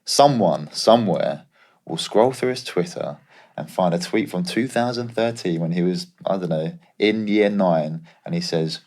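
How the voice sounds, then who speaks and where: A man's voice: low-pitched, measured pace, a little mellow. A young man, a former footballer, co-hosting a podcast and telling stories in a laid-back way. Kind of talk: casual podcast chat.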